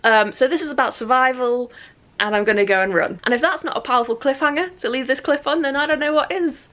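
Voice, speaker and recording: Woman, vlogger, groggy morning voice, self-deprecating, fairly high voice, casual chat at home. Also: quick pace, fairly bright tone. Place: home bedroom and office.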